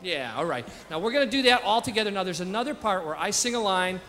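A man's voice: sits high, expressive, fast talker, fairly bright tone, in a large hall. A man on stage with a playful, teasing manner, joking with the crowd as he leads a children's sing-along. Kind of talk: joking stage patter at a live show.

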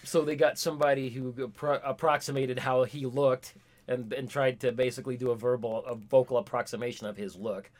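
A man's voice: medium pitch, steady tone, brisk, a little mellow. A man co-hosting a casual movie review chat, explaining plot points with wry remarks. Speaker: podcast co-host.

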